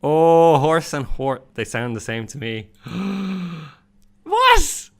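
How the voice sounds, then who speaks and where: A young man with an Irish accent chatting casually and reacting to a quiz, self-mocking and animated. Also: mid-range voice, measured pace, smooth. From Ireland. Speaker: YouTuber. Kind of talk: casual vlog commentary.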